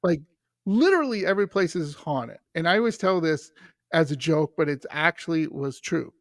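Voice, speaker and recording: A man's voice: a little high, moderate pace, no echo, studio quality. A man, a podcast guest telling stories in casual chat and acting out the people he quotes. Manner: animated storyteller who acts out quoted voices.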